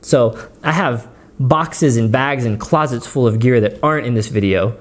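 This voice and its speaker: A man's voice: medium pitch, normal speed. Rambling, giggly man at home. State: runny nose. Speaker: gear channel host. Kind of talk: casual rambling vlog. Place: dining room at home.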